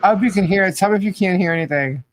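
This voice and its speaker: A woman's voice: mid-range voice, racing. A woman co-hosting a podcast, chatty and scattered as she hunts for a video, laughing often. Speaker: podcast co-host. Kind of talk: casual chat.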